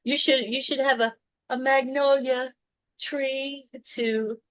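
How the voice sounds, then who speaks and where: A woman's voice: high voice, steady tone, takes it slowly, a crowd in the background. A woman with a Southern US accent, co-hosting a casual chat, rambling through long explanations with restarts and asides. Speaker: co-host.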